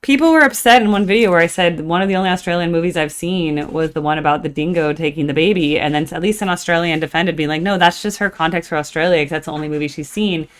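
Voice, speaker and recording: Chatty low-voiced woman reacting to music. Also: quick pace, few pauses. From United States. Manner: rambling, chatty, with frequent fillers; sings snatches of songs. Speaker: reaction video host. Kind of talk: casual chat. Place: at home in the morning.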